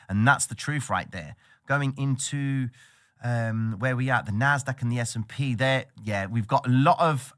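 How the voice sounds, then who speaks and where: A man giving casual, animated trading commentary on a livestream. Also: medium pitch. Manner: animated, slangy, excitable.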